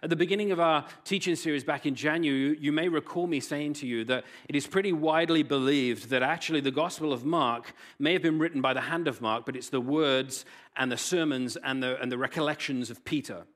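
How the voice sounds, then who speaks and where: A man preaching a sermon as pastor, telling the story in an animated way, swinging from loud, excited bursts to hushed near-whispers. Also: on the high side, a little fast.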